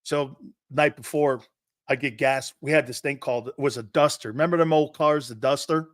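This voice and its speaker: A middle-aged man hosting a sports talk show, a brash, loud storyteller who acts out the quotes. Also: medium pitch, steady tone, normal speed, no room sound, studio quality.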